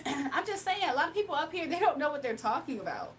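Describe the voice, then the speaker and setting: A woman's voice: high-pitched, big pitch swings, a little fast, a bit bright, a little hiss or hum, low-quality recording. A woman hosting a livestream with a faint foreign accent, talking back to her chat in a sassy, casual way. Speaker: livestream host.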